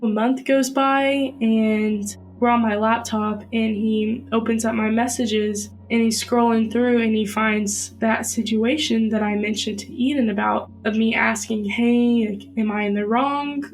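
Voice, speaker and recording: A woman's voice: on the high side, fairly even intonation, a little slow, rough recording. A young woman earnestly recounting a personal story in a podcast interview.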